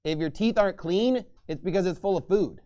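A male pastor preaching a sermon, emphatic and forceful, with mocking asides and scripture read aloud. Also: high-pitched, fairly quick.

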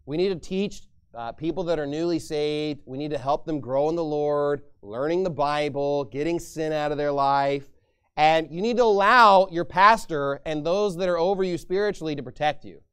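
A man's voice: fairly high pitch, normal speed, a bit bright, smooth. A man pastor preaching a sermon in an emphatic, repetitive style.

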